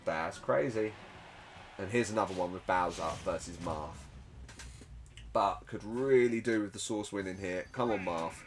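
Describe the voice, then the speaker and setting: A man with a lowish voice calls a simulated fighting game tournament in a chatty, excitable way, tossing in joking asides at his own expense. Faint music plays underneath him. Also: unhurried. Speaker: tournament commentator. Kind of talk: casual game commentary.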